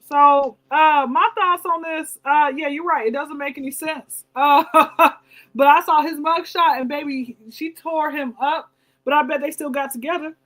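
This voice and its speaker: A woman's voice: sits high, fairly bright tone, low-quality recording. A woman hosting a casual panel chat, chatty, repeating her words and laughing often. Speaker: podcast host.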